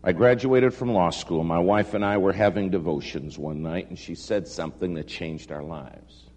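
A man telling a humorous personal story to a live audience, animated and self-deprecating. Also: deep voice, normal speed. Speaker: speaker addressing an audience. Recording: long hall reverb, faint hum.

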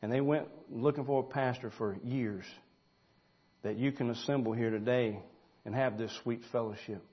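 A pastor, preaching a folksy sermon that builds to loud, emphatic shouting. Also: male voice, mid-range voice, fairly even intonation, moderate pace, husky, lo-fi sound.

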